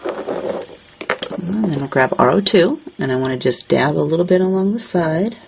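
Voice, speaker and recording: Woman doing a craft tutorial, kinda raspy and gravelly, just chatting along while she colors. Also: low-pitched, measured pace, low-quality recording. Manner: relaxed, narrates each hand movement as she works.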